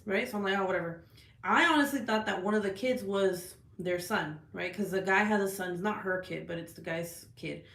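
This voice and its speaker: Swearing woman vlogger in an echoey room. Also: mid-range voice. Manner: animated, heavy swearing, lots of "like" and "right?". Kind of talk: casual storytelling rant. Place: at home.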